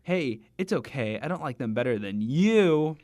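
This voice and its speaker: A man voicing a moody goth teenage girl from a fan fiction, reading her lines in a flat, dramatic way. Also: mid-range voice, normal speed, no room sound, close to an everyday voice. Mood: sulky.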